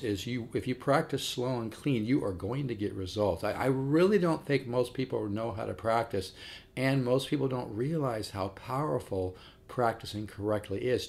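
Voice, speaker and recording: A man's voice: lowish voice, a little mellow. A man giving a casual guitar lesson, rambling and enthusiastic, counting the beats aloud over his own playing. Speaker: guitar teacher.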